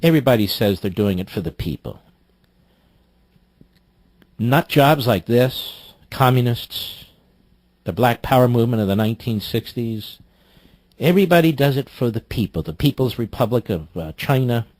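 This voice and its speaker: A man hosting political talk radio from a studio mic, indignant and mocking, cutting in with sharp outbursts. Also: medium pitch, expressive, normal speed, long pauses, no echo. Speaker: radio talk show host. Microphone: studio microphone.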